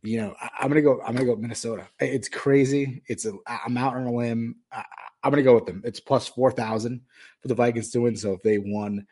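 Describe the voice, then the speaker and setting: A man's voice: mid-range voice, steady tone, fast, darkish tone. A man hosting a podcast, talking casually through football betting picks with many fillers and restarts. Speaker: podcast host. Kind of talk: casual sports betting talk.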